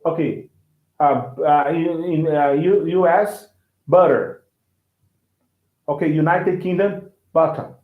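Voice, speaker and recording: A male language teacher with a Brazilian Portuguese accent explains English casually, halting and repeating words. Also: a little high, fairly even intonation. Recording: echoey, tinny phone-like sound.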